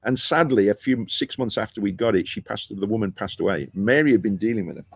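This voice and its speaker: A middle-aged man from the United Kingdom talks casually in an interview, his voice low and gravelly with a husky edge. He spins lively anecdotes and slips into the voices of the people he quotes. The sound is close and dry. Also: quick pace, dry recording. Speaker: guest, property investor. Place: rooftop terrace outdoors.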